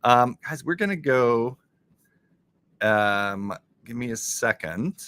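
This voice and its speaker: A man hosting a casual live stream, reading chat and thanking viewers in an excitable way. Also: medium pitch, slow pace, clean tone.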